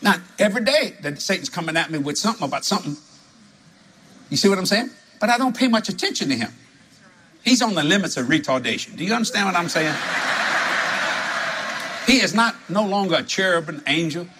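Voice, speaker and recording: A man from New preaching a sermon full of stories, animated and laughing as he talks, jumping to high exclamations. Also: fairly quick, pauses often, slight background noise. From New Orleans.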